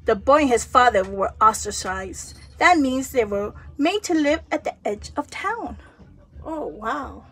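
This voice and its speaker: A woman telling a children's story aloud, acting out sound effects and character voices with lively expression. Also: high voice, normal speed, breathy edge.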